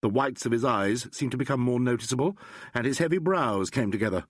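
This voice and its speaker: A man narrating an audiobook in a measured storytelling manner. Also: medium pitch, animated, no echo, studio quality. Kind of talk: scripted narration.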